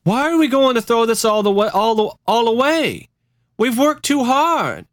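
A defiant woman pleads in a high, raised voice, as a man puts her on. Her words come earnest and strained. The sound is dry and close. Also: big pitch swings, normal speed, no echo. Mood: pleading.

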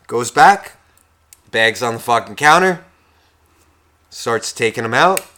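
A man's voice: medium pitch, lively intonation, slow pace, bright, forceful tone. A man co-hosting a podcast, telling a story in a heated, profane rant. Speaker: podcast co-host. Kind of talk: casual comedic storytelling.

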